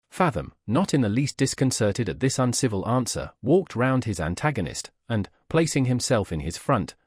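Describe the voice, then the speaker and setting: A man reading a classic novel aloud in an expressive, theatrical style, with a pitch that rises and falls in lively arcs. The recording is dry and close, with no room around the voice. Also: husky, no echo. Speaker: audiobook narrator. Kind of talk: scripted narration of a classic novel.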